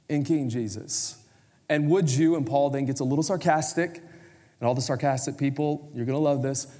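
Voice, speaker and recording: Energetic pastor preaching in reverberant hall. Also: male voice, a little high. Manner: conversational, energetic preaching with audience prompts. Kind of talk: sermon. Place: church sanctuary.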